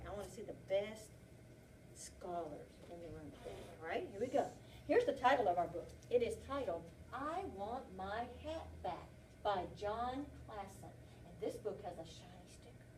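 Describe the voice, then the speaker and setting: A woman kindergarten teacher with a medium-pitched, slightly mellow voice leads an interactive read-aloud, prompting the children with frequent questions. A distant camera in the classroom records her, with a little hiss or hum.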